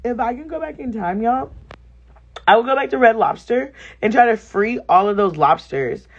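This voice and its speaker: A woman's voice: on the high side, animated, normal speed, husky, highs cut off. A woman vlogger chatting casually and expressively straight to her viewers. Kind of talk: casual vlog chat to viewers.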